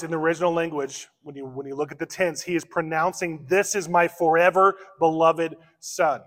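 A man's voice: fairly high pitch, a bit bright. Man preaching in a reverberant church. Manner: expository preaching, slows for emphasis. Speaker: pastor. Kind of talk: sermon. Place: church sanctuary.

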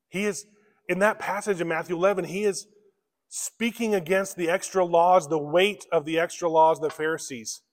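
A man preaching a sermon as pastor, earnest and conversational, often restarting his phrases. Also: a little high. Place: church sanctuary. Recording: long hall reverb.

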